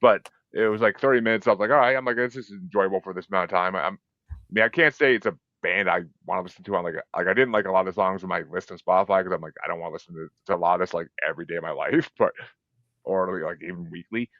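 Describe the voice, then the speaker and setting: A man hosting a podcast in casual chat, telling stories in a profane, animated way and acting out his own reactions. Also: sits low, fast talker, no echo. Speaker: podcast host. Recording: dull, dry lo-fi sound.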